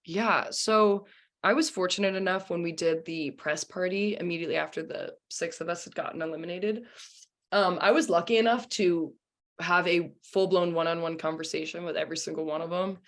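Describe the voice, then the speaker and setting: A woman's voice: fairly low pitch, steady tone, a little fast. A young woman, a singer and former contestant, chatting casually in an interview with lots of "you know" and "um". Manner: chatty with many fillers like 'you know' and 'um'.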